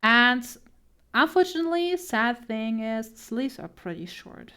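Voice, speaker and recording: A woman's voice: fairly high pitch, unhurried, bright, forceful tone, clean tone. A young woman art streamer chatting casually while she draws, laughing often, flustered and self-deprecating. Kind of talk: casual chat while drawing.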